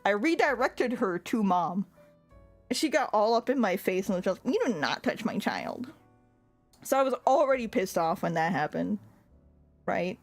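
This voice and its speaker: A woman's voice: medium pitch, normal speed, soft background music. A young woman telling a story in casual chat, laughing often and filling her talk with "like.". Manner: animated, laughs often, lots of "like" fillers; swears when annoyed. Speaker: streamer.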